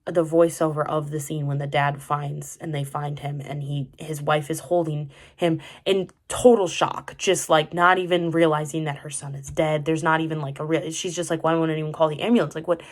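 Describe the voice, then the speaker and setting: Low-voiced young woman, rambling chat. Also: steady tone, moderate pace, few pauses. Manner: rambling, many "like" fillers and restarts. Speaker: vlogger reviewing a TV drama. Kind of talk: casual chat.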